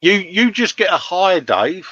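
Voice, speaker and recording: A man's voice: high-pitched, very animated, a little slow, pushed and bright, dry recording. Chummy British man, dull dry recording. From Britain. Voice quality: chummy, laughs often, says "mate" a lot. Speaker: host of a live workshop stream. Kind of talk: casual chat, reading out viewer comments. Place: home workshop bench.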